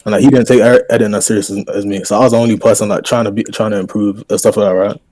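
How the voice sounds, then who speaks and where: A man talking quickly and casually in a podcast chat. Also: lowish voice, steady tone, warm tone, no echo. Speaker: podcast guest editor.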